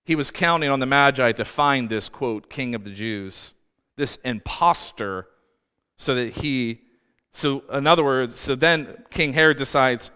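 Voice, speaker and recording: A man's voice: mid-range voice, unhurried, bright, forceful tone, clear, resonant tone. A man preaching a sermon as pastor, telling the story in a conversational way with asides. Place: church. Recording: reverberant church hall with faint music.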